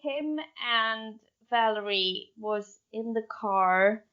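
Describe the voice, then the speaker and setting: A woman's voice: fairly high pitch, extremely slow, clean tone, lo-fi sound. A woman co-hosting a casual true-crime podcast, telling the story in a giggly, hesitant way; English is not her first language. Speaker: podcast co-host.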